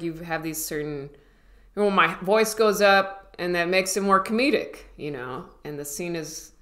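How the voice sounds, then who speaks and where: A comedian in her thirties vlogs casually to her viewers, rambling, poking fun at herself and restarting often. Her voice is deep with a fairly bright tone.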